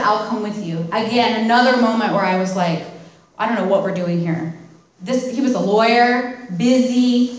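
A woman's voice: fairly high pitch, far from the mic. A woman candidly telling her recovery story at a meeting, with self-deprecating humor. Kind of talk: personal testimony talk. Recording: very echoey room.

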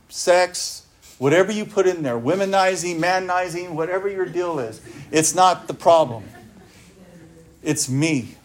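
A man giving an earnest recovery talk, speaking emphatically and often asking his listeners rhetorical questions. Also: a little high.

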